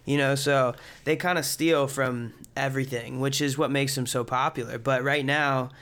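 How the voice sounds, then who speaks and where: Young man, podcast host, casual interview chat, upbeat, encouraging, smooth clear voice. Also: mid-range voice, fairly even intonation, moderate pace, fairly bright tone. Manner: upbeat, encouraging, says dude a lot.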